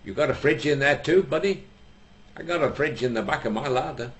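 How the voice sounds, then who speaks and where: A man's voice: medium pitch, brisk, voice pushed up, natural voice. Man putting on a cocky, chummy joker of a driver. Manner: brash, chummy and teasing. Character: cheeky, boastful man driving a cheap car.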